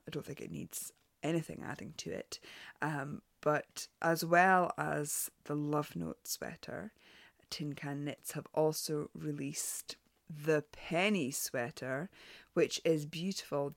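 A woman's voice: low voice, no echo. A woman hosting a knitting show, reviewing patterns in a chatty, frank way, full of ums and restarts. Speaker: knitting podcast host. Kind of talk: casual spoken review.

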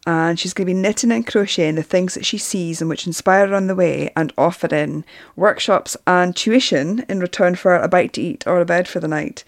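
A woman's voice: lowish voice, gravelly. A woman hosting a knitting podcast from the UK, chatting casually and reading out listener messages. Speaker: podcast host.

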